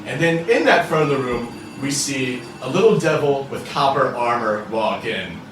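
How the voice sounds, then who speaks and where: A man narrating as game master in a tabletop game, telling it in a casual, relaxed way with frequent fillers, recorded in a roomy space away from the mic with faint music. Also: medium pitch, moderate pace, recorded from a distance, a little hiss or hum.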